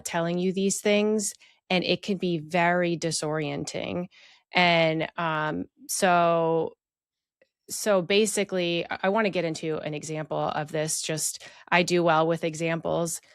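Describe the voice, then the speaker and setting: A woman's voice: on the low side, clear, resonant tone, no room sound, clean studio sound. A woman telling a personal story of emotional abuse in a candid, reflective way, with many fillers. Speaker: podcast guest sharing her story.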